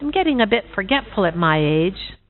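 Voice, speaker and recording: A woman voicing a forgetful, hesitant older female goose, pitched higher, on a tinny recording. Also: big pitch swings, fairly quick, natural voice. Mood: puzzled. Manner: hesitant, unsure. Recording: tinny phone-like sound.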